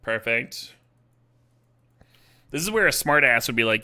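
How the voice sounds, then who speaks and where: A man's voice: medium pitch, lively intonation, unhurried, bright, forceful tone, smooth. A man streaming a card game, talking through his plays in a casual, swearing, laughing way. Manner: swears casually, laughs often, thinks aloud. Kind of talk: casual live-stream commentary.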